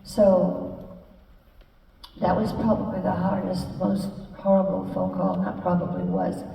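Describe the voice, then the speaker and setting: Older woman guest, low gravelly mellow voice, halting live storytelling, heard far off in a reverberant hall. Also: flat delivery. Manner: halting, warm storytelling with many fillers and restarts. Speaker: guest telling her life story. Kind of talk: live stage conversation with audience. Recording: echoey hall, speaker far from mic.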